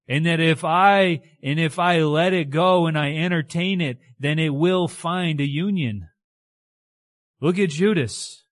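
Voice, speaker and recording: A man preaches in a lively, conversational way, checking in with his listeners often. His voice sits fairly high. The sound is dry and close. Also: no room sound. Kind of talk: sermon.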